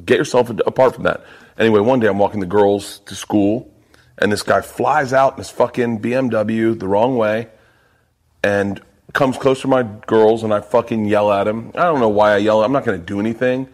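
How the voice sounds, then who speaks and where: A man with a lowish voice hosts a casual podcast chat. He is a comedian who tells stories in a loose, profane way and jokes as he goes. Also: steady tone, normal speed. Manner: profane, storytelling. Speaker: podcast host; stand-up comedian.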